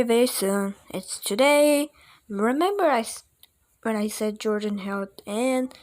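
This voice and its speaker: Slow, high-voiced woman reading a kids' book. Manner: playful, with chatty asides and small slips. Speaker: audiobook reader. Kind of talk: reading a children's book aloud.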